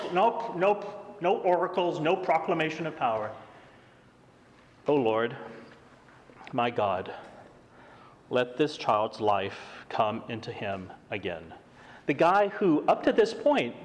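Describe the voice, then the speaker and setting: A man preaching an expository sermon, emphatic and animated, often asking his listeners questions. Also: on the high side, in a large hall, slight background noise.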